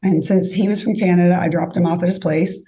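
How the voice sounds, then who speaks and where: A woman's voice: lowish voice, steady tone, fast, dark tone. A woman telling a dating story in casual chat, acting out both sides of each exchange. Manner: chatty, acts out both sides of conversations. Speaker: guest storyteller.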